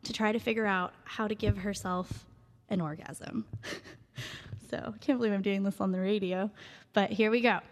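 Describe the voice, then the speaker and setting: A woman's voice: mid-range voice, fairly even intonation, normal speed, big-room sound. A young woman from San Diego, an actress chatting in a casual radio interview, giggly and talkative as she tells stories. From San Diego, California.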